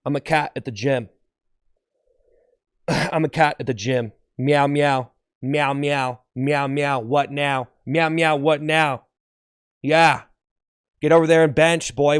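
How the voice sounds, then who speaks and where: A man voicing a cocky, muscular male cat at the gym who brags loudly and meows in an improvised sketch. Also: a little high, clean tone, no echo, clean studio sound. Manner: loud, bragging, meowing.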